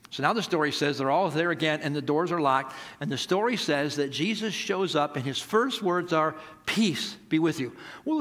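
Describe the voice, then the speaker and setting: A male pastor preaching an animated sermon, acting out the characters' lines as he tells the story. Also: high voice.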